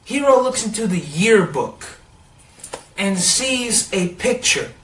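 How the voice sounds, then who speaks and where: A man's voice: sits high, slow pace, distant mic, slight background noise. Rambling young man recapping an episode. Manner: rambling, excitable retelling full of "like". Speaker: TV episode reviewer. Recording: roomy sound, set back from the mic.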